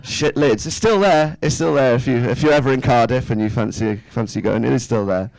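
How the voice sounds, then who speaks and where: Self-mocking stand-up comedian. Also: male voice, medium pitch, fairly quick, vocal fry, darkish tone, dry recording, poor audio. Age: 30s. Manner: chatty, self-mocking, with rhetorical asides to the crowd. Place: small indoor comedy club stage.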